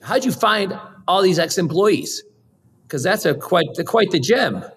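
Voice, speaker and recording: A man, the podcast host, asking his guest a quick, friendly question. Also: high-pitched, expressive, fairly bright tone, husky, long reverb tail. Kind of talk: interview questions.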